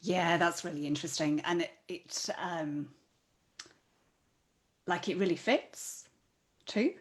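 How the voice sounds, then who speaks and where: A woman's voice: lowish voice, slow. A woman hosting an online conversation, musing thoughtfully aloud over a video call. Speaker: host.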